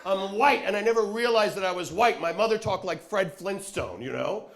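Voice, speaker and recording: A man from Long Island doing a stand-up comedy set on a club stage, sardonic and animated as he tells stories. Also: high-pitched, moderate pace, noisy background. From Long Island, New York. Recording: live club crowd laughing.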